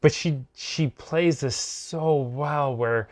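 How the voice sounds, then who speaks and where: A man's voice: a little high, slow pace. A man co-hosting a TV review show, talking casually and rambling with lots of fillers and restarts.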